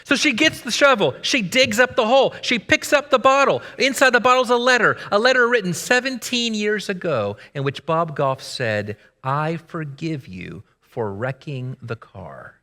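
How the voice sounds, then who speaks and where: A man gives a sermon in a church sanctuary, his voice pitched high and ringing bright. He tells stories and swings between loud emphasis and near-hushed lines. A long reverb trails his words through the hall. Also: expressive, normal speed, few pauses. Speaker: preacher.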